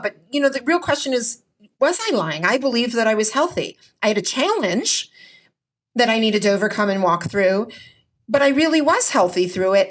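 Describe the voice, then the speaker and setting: A woman physician and author as a podcast guest, talking in an energetic, emphatic way and often adding "right?". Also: medium pitch. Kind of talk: conversational interview storytelling.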